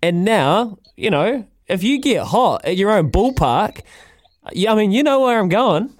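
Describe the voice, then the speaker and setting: A jovial New Zealand man hosting sports radio. His voice sits a little high and sounds dry and close to the mic. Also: sing-song, a little slow, no echo. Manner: jovial, laughs easily. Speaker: radio host.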